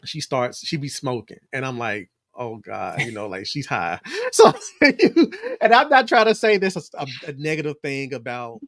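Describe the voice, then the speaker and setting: A man co-hosting a casual podcast chat, telling stories in an animated way, acting out quotes and laughing often. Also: mid-range voice, normal speed, no room sound. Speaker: podcast co-host.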